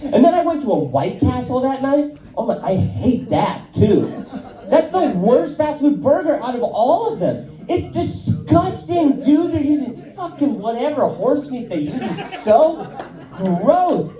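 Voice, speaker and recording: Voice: high voice, big pitch swings, a little slow, dark tone, roomy sound, far from the mic, poor audio. A stand-up comedian telling loose, profane stories on a club stage and laughing at their own jokes. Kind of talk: stand-up set at an open mic.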